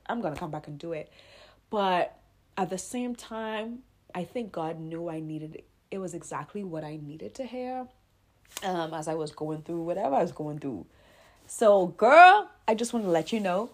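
A woman hosting a faith podcast, talking straight to her listeners, earnest and emotional, close to tears, sometimes rising loud and sometimes dropping to a whisper. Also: lowish voice. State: tearful. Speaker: podcast host.

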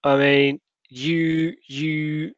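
A man's voice: a little high, level tone, very slow, no echo, dull audio. A man narrating as game master of a tabletop horror game, rambling with many fillers and restarts.

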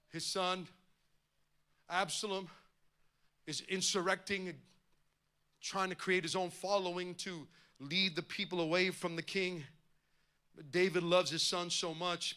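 A man's voice: high-pitched, flat delivery, unhurried, pauses often, sharp tone. A male pastor preaching a sermon with impassioned, rising emphasis.

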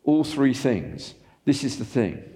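Animated male preacher in a reverberant hall. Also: medium pitch, slow pace. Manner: animated preaching with rhetorical questions. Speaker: pastor. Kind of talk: sermon.

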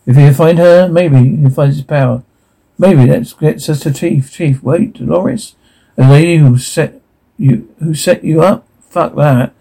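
A man's voice: fairly high pitch, a little slow, gravelly, mellow, husky, rough recording. A man reading a drama script aloud, stage directions included, and speaking every part himself in a mostly plain voice.

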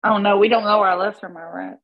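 A woman's voice: medium pitch, fairly even intonation, fast talker, vocal fry, dull audio, a little hiss or hum. A woman player chatting casually at a tabletop game, self-deprecating and talkative.

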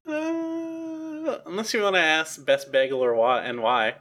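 A man's voice: mid-range voice, animated, a little fast, fairly bright tone. A man co-hosting a casual podcast, playful and joking. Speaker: podcast co-host. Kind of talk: casual group chat.

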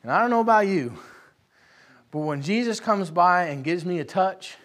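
A high-voiced young male preacher delivers a sermon to his congregation, drifting from soft, conversational storytelling into rising, fervent calls. His pitch sits well above most men's. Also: expressive, normal speed. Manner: swings from quiet storytelling to loud impassioned preaching. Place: church hall with live congregation.

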